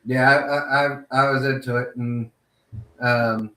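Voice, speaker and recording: A man's voice: medium pitch, steady tone, measured pace, sharp tone, distant mic. A man chatting casually on a podcast, cracking wry, self-deprecating jokes. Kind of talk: casual interview chat. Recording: echoey, away from the mic.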